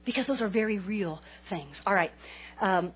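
A woman in her forties preaching a sermon to a congregation, an animated and self-mocking storyteller. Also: mid-range voice, normal speed, husky, lo-fi sound. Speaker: pastor's wife speaking to a congregation.

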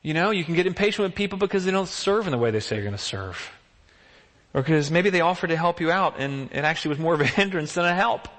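A man's voice: on the high side, expressive, fast talker, a bit bright. Conversational man preaching in a reverberant hall. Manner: conversational, many rhetorical questions. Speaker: pastor. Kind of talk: sermon.

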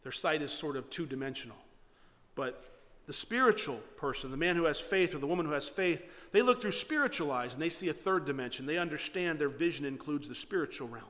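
A male pastor preaching a sermon and retelling scripture with animated, dramatic storytelling. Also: on the high side, a little fast, big-room sound.

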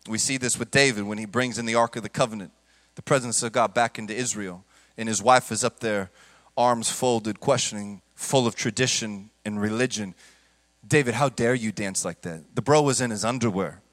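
A man's voice: medium pitch, a bit bright, long reverb tail. A man preaching a sermon as pastor, with impassioned delivery. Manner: impassioned preaching, acts out quoted voices.

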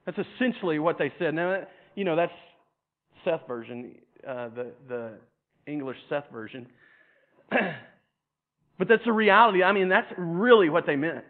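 A man preaching a sermon in an animated way, stumbling over repeated words and acting out other people's voices with humor. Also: on the high side, moderate pace. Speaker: pastor. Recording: tinny phone-like sound.

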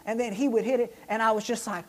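A man telling a story in an excitable, animated way during a casual chat. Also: high voice, fast. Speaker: church staff member and show regular.

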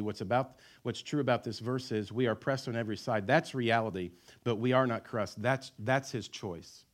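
Middle-aged pastor preaching with joking asides. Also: male voice, fairly low pitch. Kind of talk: sermon.

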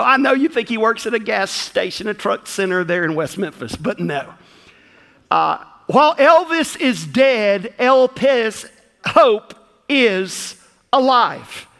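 Southern pastor guy, folksy jokey sermon, bright forceful voice, reverb from the room. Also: high voice, creaky. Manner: folksy, joking preacher. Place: church sanctuary.

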